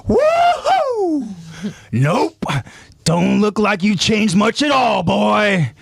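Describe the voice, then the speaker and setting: A man's voice: high-pitched, wildly swooping pitch, drawn-out words, gravelly, shouting, noisy background, pitched above the performer's own voice, exaggerated voice. A man voicing a gleeful, ruthless male bounty hunter villain who taunts and whoops. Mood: whooping.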